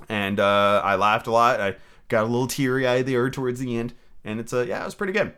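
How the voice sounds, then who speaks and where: A male podcast host chats about films in a loose, relaxed way and swears casually. He also reads a classic story aloud at an easy pace. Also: medium pitch, fairly quick, clean tone. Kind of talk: casual review chat and storybook reading.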